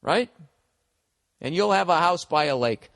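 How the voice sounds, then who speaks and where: Blunt, profane comedian host in his forties, Boston accent, fairly high voice, long reverb on the recording. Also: animated, a little slow, vocal fry, fairly bright tone. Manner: profane, blunt, mock-harsh then encouraging. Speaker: comedian podcast host giving advice. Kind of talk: rambling comic advice monologue.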